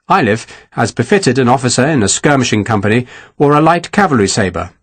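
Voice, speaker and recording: A man narrating a historical war novel in a measured, expressive storytelling manner. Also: medium pitch, dry recording. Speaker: audiobook narrator. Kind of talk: scripted narration.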